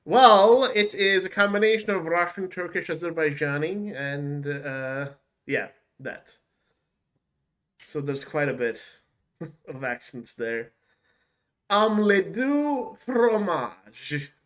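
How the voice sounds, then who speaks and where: A man's voice: fairly high pitch, steady tone, takes it slowly, fairly bright tone. A man streaming a video game, chatting casually in a goofy, joking way. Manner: goofy, joking, laughs often. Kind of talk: casual gaming chat.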